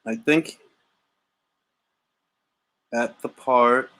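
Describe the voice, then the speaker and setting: A man's voice: mid-range voice, fairly even intonation, drawn-out words, fairly bright tone, low-quality recording. A man hosting a boxing talk livestream, joking around in casual slang and repeating catchphrases. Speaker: boxing talk show host.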